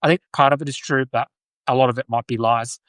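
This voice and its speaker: A man's voice: mid-range voice, steady tone, quick pace, a bit bright, no echo. A man with an Australian accent hosting a podcast, talking through political commentary in a casual, rambling way that circles back and corrects itself. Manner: rambling, self-correcting, many restarts. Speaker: podcast host. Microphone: livestream mic.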